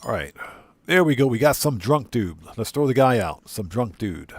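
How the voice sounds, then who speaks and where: A man chatting casually to viewers while he streams a game. He talks at a middle pitch and keeps repeating his points for emphasis. The sound is dry and close, with no room around his voice. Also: big pitch swings, normal speed, dry recording, soft background music. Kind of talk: casual livestream chat.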